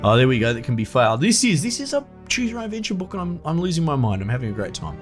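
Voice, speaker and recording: Excitable man reading a game aloud. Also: a little high, racing, over music. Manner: excitable, self-amused, thinks aloud. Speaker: gameplay commentator.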